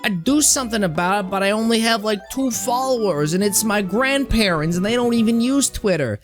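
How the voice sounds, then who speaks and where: A man's voice: high-pitched, expressive, brisk, faint music behind, voice pushed up. A man voicing a whiny, lonely, self-pitying young creature in a video game, stammering through complaints.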